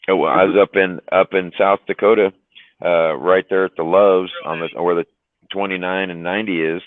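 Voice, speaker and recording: Over a dry, tinny, phone-like recording, a man with a low voice and steady tone tells trucking stories at a moderate pace. Chatting on a livestream, he rambles and curses, often saying "you know" and "right?".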